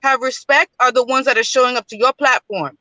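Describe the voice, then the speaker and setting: A woman's voice: high-pitched, steady tone, fairly quick, sharp tone, no room sound, low-quality recording. A woman from the Bronx, calling in from her car as a guest in a casual live-stream chat, talking bluntly and often repeating herself. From New York, Bronx. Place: in a car, driving.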